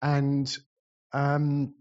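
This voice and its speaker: A man's voice: medium pitch, completely flat delivery, extremely slow, a little mellow, dull audio. A man telling a rambling, self-deprecating story about organizing community events, full of fillers. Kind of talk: casual storytelling talk.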